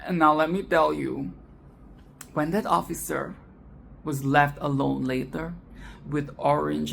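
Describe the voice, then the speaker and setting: A woman giving a casual, animated film commentary, swearing, laughing and repeating phrases for emphasis. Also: sits low, a little slow, gravelly, pauses often, slight background noise. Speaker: film review vlogger.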